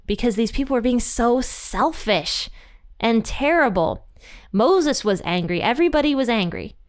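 A woman's voice: mid-range voice, smooth. A woman hosting an episode, retelling a Bible story in a chatty, blunt, conversational way. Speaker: podcast host teaching the Bible.

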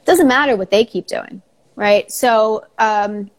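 A woman's voice: fairly high pitch, slow pace. Earnest, advice-giving middle-aged woman. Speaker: psychologist guest. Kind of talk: casual podcast chat.

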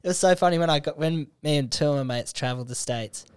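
A young Australian man, a comedian guest, telling stories in casual podcast chat, swearing freely and slipping into quick character voices. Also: fairly high pitch, clean tone, no echo, studio quality.

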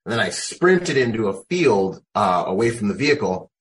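Low-voiced man telling war stories. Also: big pitch swings, normal speed, low-quality recording. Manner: loose and conversational, full of "like". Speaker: guest, military veteran. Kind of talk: casual storytelling.

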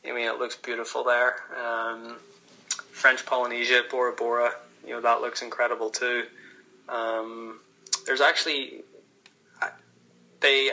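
Northern Irish male guest, young adult, crisp bright tone, level even pitch, loose conversational pacing. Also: low-quality recording. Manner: relaxed, chatty, many restarts and fillers. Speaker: pro golfer guest. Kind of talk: casual podcast interview.

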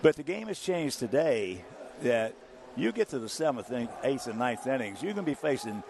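Older man, interview guest, lively anecdotal storytelling, mid-pitched voice, faint background noise. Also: normal speed, gravelly. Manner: animated storyteller, chuckling through anecdotes. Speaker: guest, former ballplayer.

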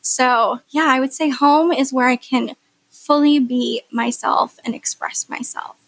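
High-voiced gushing young woman guest. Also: steady tone, measured pace, creaky, a bit bright, no room sound. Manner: gushing, effusive, filler-heavy. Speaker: podcast guest. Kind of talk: casual interview chat.

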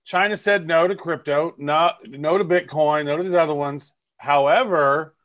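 A man's voice: fairly high pitch, normal speed, a bit bright. A man co-hosting a casual podcast, chatty and rambling with fillers. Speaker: podcast co-host. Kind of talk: casual chat.

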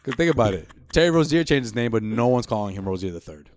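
A man co-hosting a casual sports podcast, talking in quick rambling bursts with restarts. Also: mid-range voice, expressive, no room sound, studio quality. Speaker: podcast co-host.

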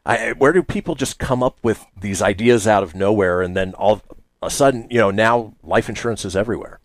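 A man's voice: fairly low pitch, fairly quick. A man co-hosting a comedy radio show, firing sarcastic one-liners. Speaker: co-host. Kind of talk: casual comedy chat.

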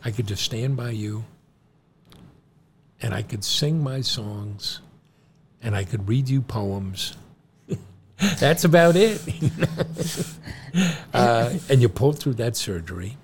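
This podcast co-host, John's father, is middle-aged and has a mid-range voice; he talks slowly and pauses often, with a little hiss or hum in the recording. Spinning a long family tale for his son, he plays the characters, doing the quoted doctors with lively storytelling flair.

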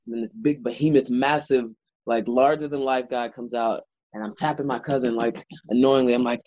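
A man's voice: mid-range voice, a little fast, no echo, dull audio. A man, a wrestler guest, telling stories in a casual interview with lots of filler words. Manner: animated storyteller, lots of "like" fillers.

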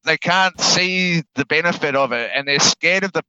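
A man's voice: fairly high pitch, normal speed, pushed and bright, clear, resonant tone, no room sound, muffled recording. A man with a New Zealand accent, a guest talking casually about his trade work, laid-back and cursing freely, often repeating words as he thinks. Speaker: guest, heavy equipment operator. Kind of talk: casual podcast chat.

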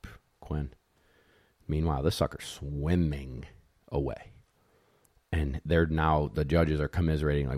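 Rumbling low and unhurried, with long pauses, this retriever handler animatedly spins a competition tale, impersonating the judges and dogs while cursing a bit and speaking bluntly. The studio-quality recording has no echo.

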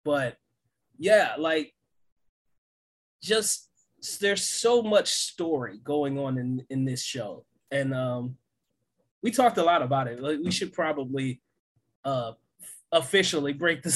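Husky, excitable man chatting on a podcast. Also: fairly high pitch, slow pace, pauses often. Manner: excited, laughs often, many fillers and restarts. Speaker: podcast co-host. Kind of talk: casual chat.

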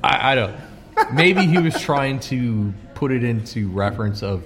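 A man co-hosting a sports podcast, talking in a rambling, halting way with many restarts. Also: mid-range voice, lively intonation, a bit bright, long reverb tail. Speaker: podcast co-host. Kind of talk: casual sports chat.

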